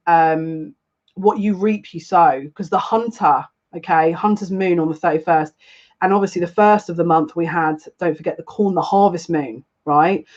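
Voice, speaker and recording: A woman's voice: on the low side, darkish tone, muffled recording. A woman giving a casual live psychic reading to viewers, chatty and rambling, often breaking into laughter. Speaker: psychic reader.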